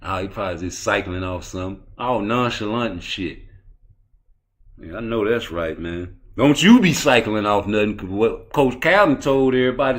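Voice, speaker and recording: Profane animated man ranting about boxing. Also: on the low side, normal speed. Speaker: boxing commentary vlogger. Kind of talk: casual ranting commentary.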